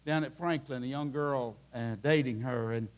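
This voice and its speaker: An older man preaching an impassioned sermon in a church, telling folksy stories and rising into shouts. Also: medium pitch, normal speed. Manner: impassioned, climbing into shouting at the peaks; folksy storytelling with many restarts. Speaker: Baptist preacher.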